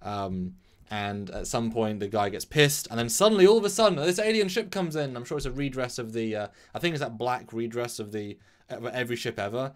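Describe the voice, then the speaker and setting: A man co-hosting a casual chat, recapping a story from memory in a rambling, animated way with sudden jumps in pitch. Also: fairly quick. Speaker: podcast co-host recapping an episode from memory.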